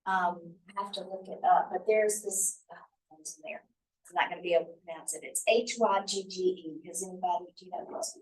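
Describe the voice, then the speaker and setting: A middle-aged woman from Mississippi, telling stories in a chatty, animated way while she leads a study-abroad information session. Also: on the low side, fairly quick, far from the mic, rough recording. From Mississippi, USA. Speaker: faculty trip leader.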